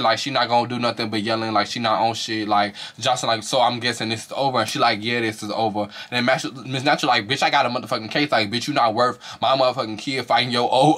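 A man talks fast through a profane reality-show review. His voice is bright and forceful, and he slips into high-pitched impressions when quoting the cast. The delivery is animated and slangy throughout. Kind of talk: casual profane commentary.

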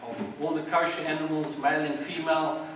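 A man's voice: fairly high pitch, level tone, a little fast, a bit bright, natural voice. A man voicing God in a told joke, patiently repeating commanding instructions. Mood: insistent. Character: insistent voice of God giving orders. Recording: echoey hall from far off with background noise.

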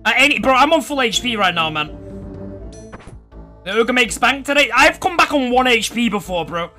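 Bright, lively male streamer, hyped and sweary live reactions, faint game music behind. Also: very high-pitched, normal speed. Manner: excitable, swears, talks to chat as "bro". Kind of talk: live gameplay commentary to chat.

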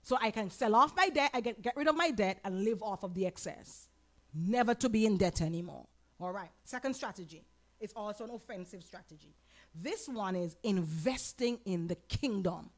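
A woman pastor with a Caribbean accent teaching a Bible lesson, animated, asking the audience questions and acting out quoted lines. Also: medium pitch, moderate pace. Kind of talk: sermon-style Bible teaching.

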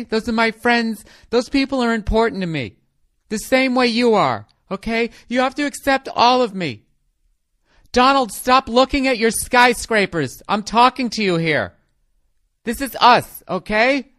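Guy doing a whiny nagging wife voice, pitched way up, stammery and pleading. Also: a bit bright, dry recording, clean studio sound. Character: nagging emotional wife, grown woman.

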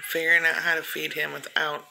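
Gravelly older woman coaxing kids. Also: low voice, little pitch movement, brisk, bright, forceful tone, slight background noise. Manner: coaxing, chatty with young children at the table. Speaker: home cooking vlogger. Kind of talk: casual family vlog.

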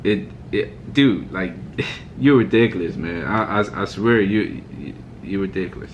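Brief: fired-up male vlogger with a lower-pitched voice and a mocking, ranting delivery, faint hiss behind him. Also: animated, a little slow, dull audio. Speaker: sports reaction vlogger. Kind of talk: heated reaction rant.

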